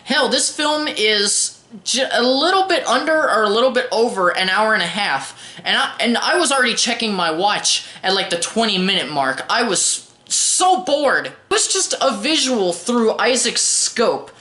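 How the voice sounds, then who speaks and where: A young woman talks through a film review in an offhand, sarcastic way, tripping over words and starting again. Her voice is bright and a little sharp, and it bounces around a roomy, echoey space. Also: on the high side, animated, moderate pace. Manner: wry, sarcastic, stumbles and restarts. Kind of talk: casual spoken movie review.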